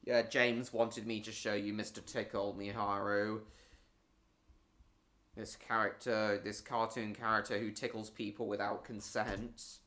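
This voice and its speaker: A man's voice: fairly low pitch, flat delivery, unhurried, a bit bright. A man hosting a casual live stream, rambling and distracted as he talks.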